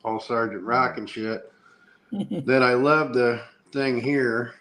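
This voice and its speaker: A man's voice: medium pitch, takes it slowly, a bit bright. A middle-aged man hosting a casual podcast chat, rambling with enthusiasm as he shows things off. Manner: rambling, enthusiastic show-and-tell. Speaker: podcast host. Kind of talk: casual chat showing comics.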